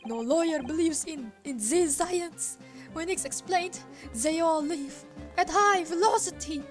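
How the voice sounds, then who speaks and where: A woman voicing an excitable, eccentric male mad scientist in a put-on German accent, stammering and exclaiming loudly, over game music. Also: extremely high pitch, a little slow, pitched above the performer's own voice. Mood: excited. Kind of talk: voicing game dialogue on a stream.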